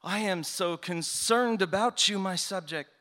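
A stately king speaks with formal, grave solemnity, as a storyteller voices him. His tone is bright and slow. The words ring out into a long hall reverb. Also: sits high. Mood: concerned. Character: stately, concerned male king.

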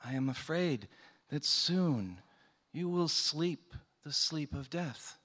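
A man's voice: fairly high pitch, lively intonation, slow pace, fairly bright tone, big-room sound, exaggerated voice. A man doing a formal, grave king. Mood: concerned. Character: stately, concerned male king.

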